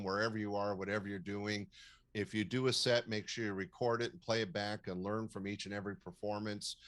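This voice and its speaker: An older man, a comedy club owner, giving advice in a measured, storytelling interview with frequent fillers. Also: fairly low pitch, fairly bright tone. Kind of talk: casual interview talk, advising.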